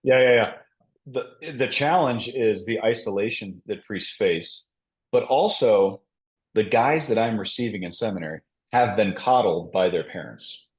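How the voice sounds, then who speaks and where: A priest from Minnesota speaking frankly and earnestly as a guest on a podcast. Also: male voice, on the low side, animated, unhurried. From Minnesota, United States. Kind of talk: casual podcast interview.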